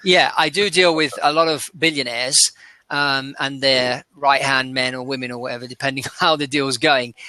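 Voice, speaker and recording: An aircraft dealer with an English accent chats casually as an interview guest, thinking out loud and restarting his sentences. His medium-pitched voice sounds pushed and bright, with fairly even intonation at a moderate pace, in a dry recording.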